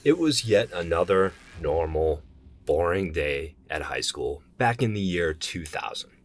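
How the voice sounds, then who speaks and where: A man reads a creepy tale aloud in a steady, even manner. His voice is extremely deep. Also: measured pace. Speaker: narrator. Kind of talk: reading a horror story aloud.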